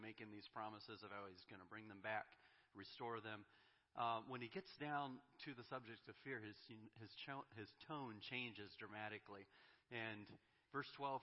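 A man's voice: fairly low pitch, moderate pace. Preaching man in a reverberant hall. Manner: emphatic, voices God's lines with rising force. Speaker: pastor. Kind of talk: sermon. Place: church sanctuary. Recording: dull, reverberant church hall recording.

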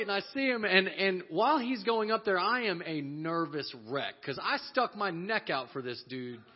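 A man with a husky, slightly high voice tells a personal story with plenty of energy. He laughs often and acts out each person he quotes. The audio is dull and lo-fi. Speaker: speaker telling a story to a church audience.

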